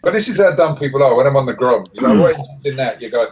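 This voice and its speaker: A man in casual group chat, telling animated stories and mimicking other people. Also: mid-range voice, very fast, a crowd in the background. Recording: noisy background.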